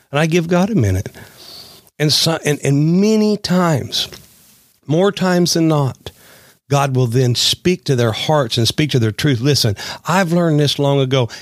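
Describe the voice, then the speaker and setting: A man's voice: mid-range voice, no echo, studio quality. A middle-aged man preaching a sermon, telling a personal story in an earnest, folksy way.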